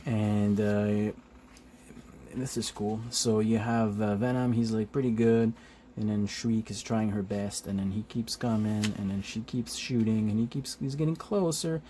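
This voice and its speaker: Here the comic book host flips through pages casually, speaking in a lowish voice against slight background noise. He laughs often, leans on fillers, cusses freely, and quickly voices what the characters say.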